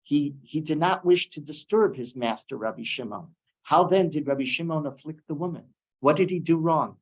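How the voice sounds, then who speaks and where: A man's voice: a little high, normal speed, poor audio. A man teaching a weekly Torah class, asking rhetorical questions and mixing in Hebrew terms. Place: synagogue room.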